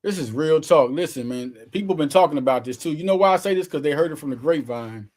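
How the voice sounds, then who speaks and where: A man's voice: a little high, expressive, fast talker, a little mellow. A man hosting his own sports show, giving casual, slangy, emphatic commentary straight to his viewers.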